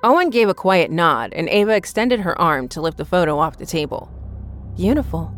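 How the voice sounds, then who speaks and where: Low, measured woman narrating a horror story. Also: expressive, a bit bright.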